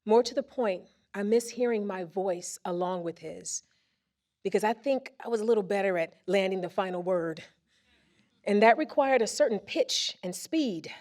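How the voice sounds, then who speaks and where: A woman presenter reading a first-person story aloud on a theater stage into a microphone, with expressive comic timing. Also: medium pitch, normal speed. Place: theater stage before a live audience.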